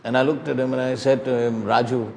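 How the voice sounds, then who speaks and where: Older man, sermon, gravelly, pleading storyteller, faint background hum. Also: medium pitch, little pitch movement, fast, a little mellow. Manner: pleading, emphatic preaching with storytelling. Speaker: preacher.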